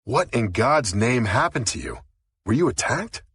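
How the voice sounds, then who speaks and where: A man's voice: mid-range voice, big pitch swings, unhurried, fairly bright tone, slightly rough, no room sound, studio quality, voice pushed up, heavily acted. A man voicing a startled young man who speaks in disbelief in an audiobook. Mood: incredulous. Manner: incredulous.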